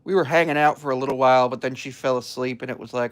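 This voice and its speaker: Young male streamer, casual chat, rambling and relaxed, mid-range voice, lots of filler. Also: medium pitch, fast talker. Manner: rambling, laid-back, frequent ums and chuckles.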